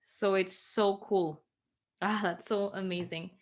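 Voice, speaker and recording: A woman's voice: medium pitch, fairly even intonation, takes it slowly. A woman co-hosting a casual podcast, enthusiastic and exclaiming. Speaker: podcast co-host.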